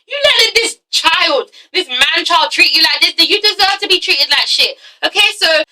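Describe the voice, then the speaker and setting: A sassy woman recapping reality TV, swearing freely and punctuating everything with "okay?". Her voice is high and piercingly bright, and she sits some distance from the mic. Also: lively intonation, moderate pace. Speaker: reviewer, channel host. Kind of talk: casual profane TV-recap vlog.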